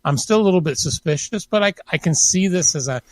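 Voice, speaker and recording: A man co-hosting a casual podcast, talking in a halting way with many restarts and fillers. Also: on the high side, lively intonation, dry recording. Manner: hesitant, many restarts and "you know". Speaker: podcast co-host. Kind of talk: casual chat.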